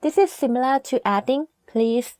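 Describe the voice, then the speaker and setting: A woman with a fairly high voice explains tones patiently in a scripted lesson, slowing down to model each word. Thai is her first language. Her voice is close and dry with no room sound. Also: fairly even intonation, darkish tone, dry recording. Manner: clear, patient explanations with slow model pronunciations.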